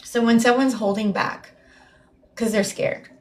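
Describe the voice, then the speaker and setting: A woman's voice: fairly high pitch, steady tone, measured pace, darkish tone. A woman giving a live tarot reading in a meandering, heartfelt way, often repeating and restarting her words. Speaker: tarot reader.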